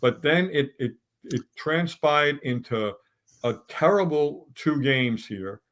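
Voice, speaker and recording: A man's voice: on the high side, lively intonation, slow pace, fairly bright tone. A middle-aged man on a sports talk round table, ranting bluntly and stumbling through restarts as he builds his points.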